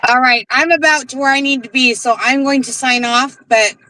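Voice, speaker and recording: A woman with a high, bright voice, recorded close and dry. She chats on a livestream in an affectionate, playful way. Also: fairly even intonation, moderate pace, no room sound, low-quality recording. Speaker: livestream guest. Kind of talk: casual livestream chat.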